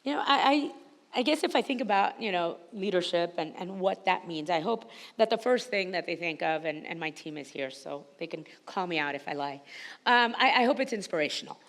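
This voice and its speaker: A woman's voice: fairly low pitch, a little fast. A woman with a slight Spanish-influenced accent, speaking energetically and emphatically as a panelist at a conference. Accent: Spanish-influenced English. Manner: energetic, emphatic, laughs often. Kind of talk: panel discussion. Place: conference hall stage. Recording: reverberant hall.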